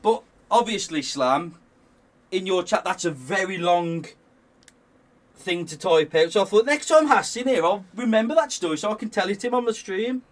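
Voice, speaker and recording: A man's voice: high-pitched, animated, normal speed, distant mic. A young man, a guest on a game stream, telling a story in casual chat, rambling with restarts and laughing often.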